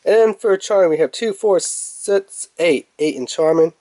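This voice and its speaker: A man's voice: sits high, a little slow, mellow, no room sound. Chatty young man, dry close sound. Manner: rambling, chatty, laughs at own jokes. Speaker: toy reviewer. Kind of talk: casual unboxing review.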